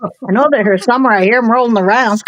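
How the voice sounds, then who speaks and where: A woman's voice: a little high, fast talker, no echo, low-quality recording. Joking woman with a dry close sound. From Italian-American. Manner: joking, laughs often, blunt. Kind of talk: casual chat.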